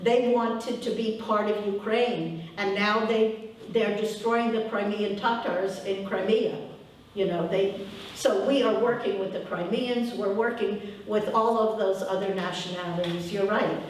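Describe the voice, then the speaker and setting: A woman's voice: medium pitch, steady tone, measured pace. Brief: earnest woman speaker at a public talk, echoey hall, mic far off, faint background hiss. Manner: earnest, emphatic, repeats herself. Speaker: speaker addressing an audience.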